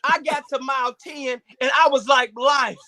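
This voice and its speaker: High, bright-voiced animated male comedian. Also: moderate pace. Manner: animated, preacher-like call-outs. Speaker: guest comedian. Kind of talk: stand-up comedy set.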